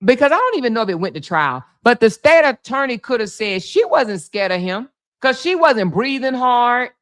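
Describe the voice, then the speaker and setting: A middle-aged woman hosting a casual livestream, chatting to viewers and telling stories in a lively, animated way. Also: a little high, moderate pace. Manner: animated storytelling, reads viewer comments aloud. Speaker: livestream host.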